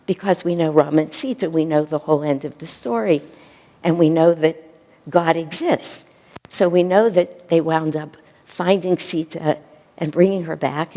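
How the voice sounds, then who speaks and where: A woman minister giving a sermon in a temple, retelling a sacred story in a gentle storytelling way. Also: mid-range voice. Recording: long hall reverb.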